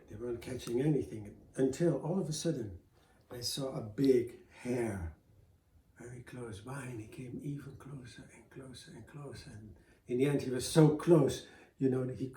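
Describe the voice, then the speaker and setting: A man telling a folk tale aloud in a loose, chatty way, full of "you know" and little restarts. His voice is mellow and dark-toned. He sounds like he's in a roomy space with a clear echo. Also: mid-range voice, normal speed. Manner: conversational, with fillers and restarts. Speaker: storyteller.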